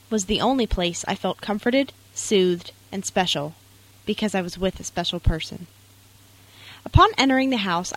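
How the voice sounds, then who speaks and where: A woman's voice: mid-range voice, poor audio. A young woman reading a personal essay aloud in an earnest, tender way. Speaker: narrator.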